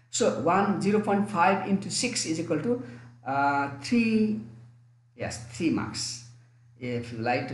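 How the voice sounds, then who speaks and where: A man with a Nepali accent teaching an online English lesson, repeating and restarting his phrases for emphasis. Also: fairly high pitch. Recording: echoey room.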